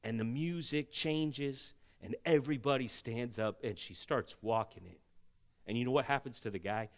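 Man, pastor, sermon in a church, earnest, emphatic swells, hushed prayer. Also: mid-range voice, normal speed. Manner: earnest, building to loud emphatic peaks, then hushed and tender. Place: church sanctuary.

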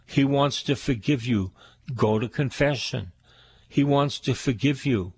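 Slow-speaking preaching priest. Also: male voice, mid-range voice, husky. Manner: slow, fervent preaching with repeated phrases. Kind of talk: radio sermon.

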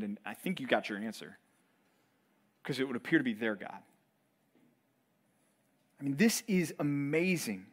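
A man's voice: mid-range voice, lively intonation, normal speed, pauses often. A man preaching a sermon to college students, telling stories with playful acted asides. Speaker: pastor.

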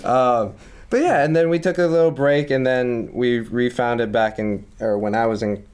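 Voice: mid-range voice, normal speed, smooth. A guest in their twenties in a casual chat, telling a story with frequent laughter. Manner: animated storytelling, laughing often. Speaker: podcast guest.

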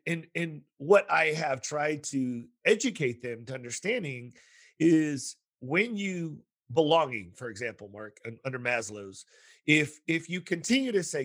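Husky-voiced man telling lively stories. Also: a little high. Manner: animated storytelling with quoted voices. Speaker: podcast host, school counselor. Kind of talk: casual podcast conversation.

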